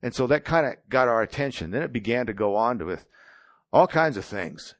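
A man's voice: mid-range voice, animated, fairly quick, no room sound. A man in his sixties preaching a sermon, telling his own testimony in a plain-spoken, storytelling way.

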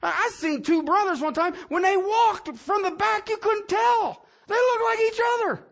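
A man's voice: very high voice, moderate pace, creaky, a bit bright. A man preaching a sermon as pastor, talking in a conversational way and often asking the congregation questions.

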